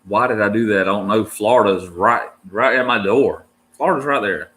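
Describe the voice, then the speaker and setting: Speaking at a normal pace in a lowish, fairly bright voice, this married man keeps reptiles and chats loosely with his viewers. His talk is relaxed and slangy, peppered with "dude" and "man."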